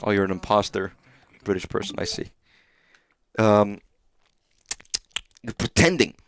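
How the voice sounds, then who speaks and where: A man's voice: on the low side, fairly even intonation, measured pace, fairly bright tone, slight background noise. A man streaming live gameplay, rambling and swearing casually, sounding exhausted and sleepy. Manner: rambling and profane.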